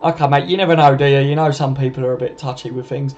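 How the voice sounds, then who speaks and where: A man's voice: mid-range voice, fairly even intonation, quick pace, a little mellow, highs cut off. A young man hosting a live stream, reading out viewer comments and answering them in casual chat full of swearing and laughter. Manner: sweary, laughing, matey banter.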